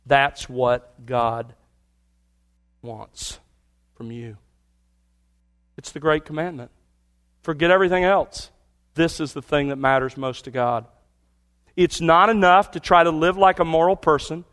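A man preaching a sermon, stressing key words and dropping to quiet asides. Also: on the high side, a little slow, pauses often. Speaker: pastor.

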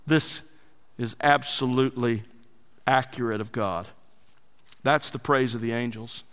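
Bright, resonant male preacher in a hall. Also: a little high, clean tone. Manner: emphatic, rising and falling for emphasis. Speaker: pastor. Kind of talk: expository sermon.

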